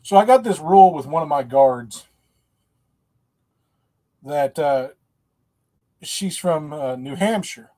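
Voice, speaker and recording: A man's voice: fairly high pitch, lively intonation, takes it slowly, long pauses, dark tone. A man hosting a casual livestream, rambling in a folksy, self-mocking way and laughing often. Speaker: host.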